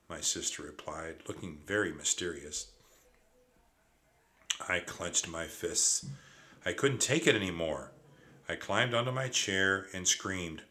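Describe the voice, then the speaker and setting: A man narrating a children's storybook aloud with expressive first-person delivery. His voice is fairly low but bright and forward. He reads at an unhurried, drawn-out pace.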